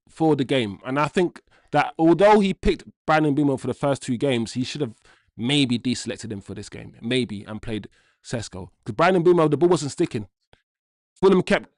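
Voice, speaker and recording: A young man with a slightly high voice hosts a live football watchalong, chatting casually in slang and reading viewers' comments aloud. The recording is dry, with a clean studio sound.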